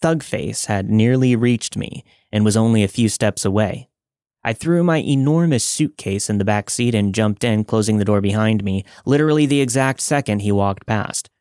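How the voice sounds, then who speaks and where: Male podcast narrator, low register, dramatic measured storytelling, dry close recording. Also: a little mellow, no echo. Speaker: podcast host reading listener stories. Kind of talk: scripted narration.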